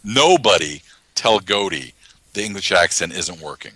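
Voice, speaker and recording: A man co-hosting a casual, joking chat, animated and full of sudden pitch jumps. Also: moderate pace, slightly rough, dry recording. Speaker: podcast co-host.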